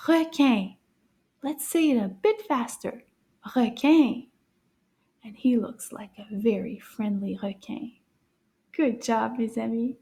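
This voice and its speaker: A woman leads a children's language lesson in a high, bright voice. She talks slowly and cheerfully, sounding out each word clearly. She praises often and now and then drops into a hushed whisper. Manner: cheerful and encouraging, repeats words slowly and clearly. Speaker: French teacher for children.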